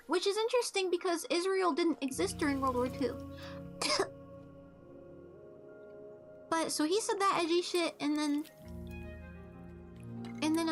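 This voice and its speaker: A woman's voice: extremely high pitch, a bit bright. A young woman streamer telling a story in a casual, blunt, joking way with frequent restarts and swearing. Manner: halting restarts, laid-back.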